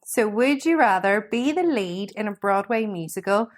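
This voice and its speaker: A woman's voice: medium pitch, expressive, moderate pace. A woman co-hosting a podcast, chatting with enthusiasm. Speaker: podcast co-host. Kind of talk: casual chat.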